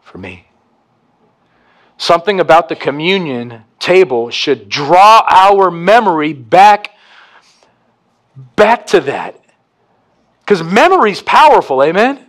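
A pastor preaching a communion sermon, swinging from hushed to emphatic. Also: male voice, sits high, very animated, takes it slowly, long pauses.

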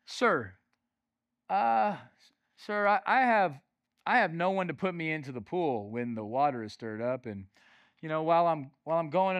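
A man preaching a sermon as pastor, emphatic and repetitive, swinging from loud to hushed. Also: on the high side, dry recording, studio quality.

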